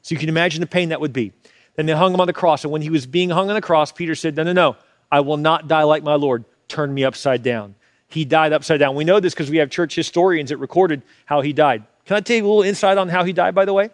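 A man preaches with passion, acting out the quoted lines as he goes. His voice sits fairly high, and the recording is dry and close with no room sound. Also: fast talker, no echo. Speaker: pastor. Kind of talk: sermon.

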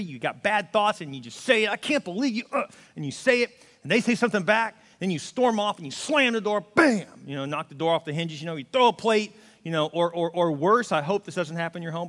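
Male pastor, high voice, chatty animated sermon, long hall reverb. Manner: conversational, animated preaching with repeated "right?" and acted-out quotes.

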